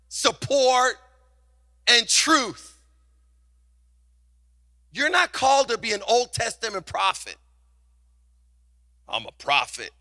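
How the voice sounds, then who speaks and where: High, bright-voiced preaching pastor. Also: male voice. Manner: passionate, call-and-response preaching. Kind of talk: sermon.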